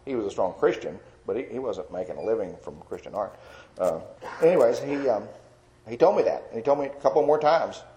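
A man giving an earnest, rambling personal testimony as a Christian artist, with fillers and soft laughs. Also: medium pitch, expressive, a little fast, slight background noise, poor audio.

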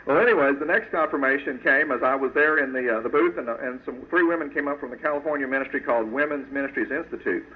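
A Christian sculptor gives an earnest, folksy personal testimony to a church crowd, talking quickly in a mid-range voice with few pauses. The audio is lo-fi and tinny like phone or radio sound, with slight background noise.

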